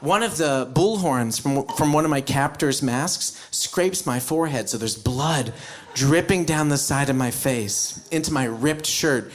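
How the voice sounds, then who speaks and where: An American man performing stand-up on stage, telling a story with animated acted-out bits and sudden loud outbursts. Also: mid-range voice, unhurried, a little hiss or hum. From United States. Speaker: stand-up comedian. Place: live comedy stage before an audience.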